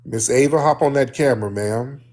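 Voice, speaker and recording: A man's voice: medium pitch, brisk, darkish tone. A man hosting a heated live-stream call-in debate, blunt and combative, talking over his callers. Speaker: livestream host.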